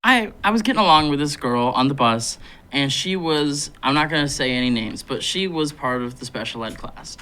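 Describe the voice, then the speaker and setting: A man co-hosting a casual podcast, telling blunt, profane stories and laughing loudly. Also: on the high side, expressive, normal speed, clean tone. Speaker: podcast co-host. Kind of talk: casual crude storytelling.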